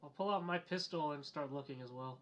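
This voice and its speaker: A man's voice: fairly high pitch, fairly bright tone. A man playing in a tabletop game, talking casually with lots of fillers. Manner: quick, filler-heavy talk. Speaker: player.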